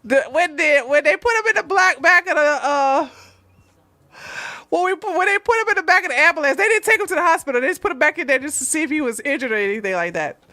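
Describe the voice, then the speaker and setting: A middle-aged woman, a channel host, casually telling a story from her days in police work, animated and breaking into laughter and loud outbursts. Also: high-pitched, fast, dry recording.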